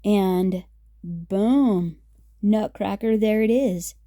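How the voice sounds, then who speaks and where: A woman's voice: mid-range voice, drawn-out words, warm tone, dry recording, clean studio sound. A woman hosting a casual craft tutorial, chatty and upbeat with many fillers as she works. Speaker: craft video host.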